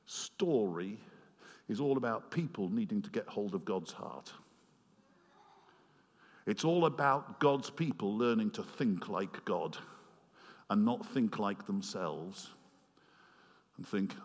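A man preaching a sermon, retelling a story with animated swings between loud passages and quiet, earnest asides. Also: on the low side, takes it slowly, pauses often. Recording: long hall reverb.

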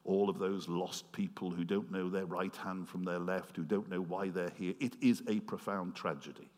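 A man preaching a sermon, retelling a story with animated swings between loud passages and quiet, earnest asides. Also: deep voice, normal speed. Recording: long hall reverb.

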